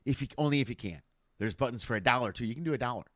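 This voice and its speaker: A man's voice: medium pitch, racing, a bit bright, no echo. A middle-aged man, a comedian hosting his own livestream from home, chatting casually and rambling through funny road stories with lots of asides. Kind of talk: casual stand-up storytelling. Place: home room. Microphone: home webcam setup.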